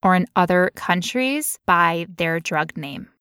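A woman co-hosting a casual podcast, playful and quick to laugh as she explains things at length. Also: fairly low pitch, expressive, a bit bright, clean tone, no echo, studio quality. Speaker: podcast co-host.

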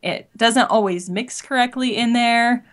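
A woman's voice: on the high side, unhurried. A woman co-hosting a casual hobby podcast, complaining in a playful, ranting way. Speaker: podcast co-host. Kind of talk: casual chat.

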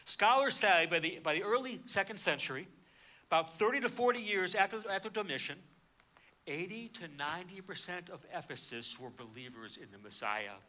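A man preaching a sermon, emphatic, swinging between hushed and loud delivery. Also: high voice, animated, brisk.

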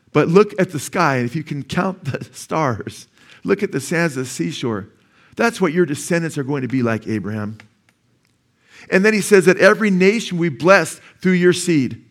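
Church pastor guy preaching, fairly high voice, earnest, keeps saying amen?. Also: expressive, normal speed. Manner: earnest, asks the congregation "amen?", restarts words. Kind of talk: sermon.

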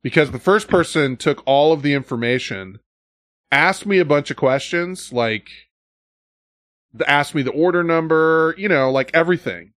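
A man's voice: on the high side, expressive, normal speed, a bit bright, dry recording, studio quality. A man hosting a podcast, telling stories in a casual, profane way and acting out other people's lines. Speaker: podcast host. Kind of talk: casual storytelling chat.

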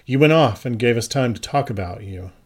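A tired, steely neighbor woman, as a male narrator puts her on in a storybook reading. She talks in quiet, halting bursts, her voice lifted a little higher than the reader's own. The pitch sits in the middle of a man's range. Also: lively intonation, husky. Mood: weary. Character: weary, tough-minded woman neighbor guarding sleepers.

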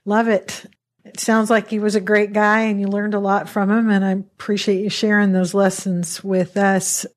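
A woman co-hosting a podcast, speaking in a measured way and reading the show's outro. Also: medium pitch, level tone. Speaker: podcast co-host.

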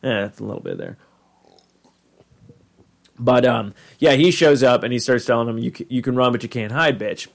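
A man's voice: mid-range voice, very animated, normal speed, vocal fry, pauses often. A man casually recapping a cartoon episode, rambling and chatty, full of fillers and acted-out quotes.

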